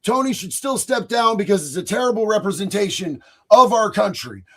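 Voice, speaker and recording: Loud excitable high-voiced man. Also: a little fast. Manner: loud, excitable, often shouting. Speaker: live stream host reading chat. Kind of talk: casual live stream chat.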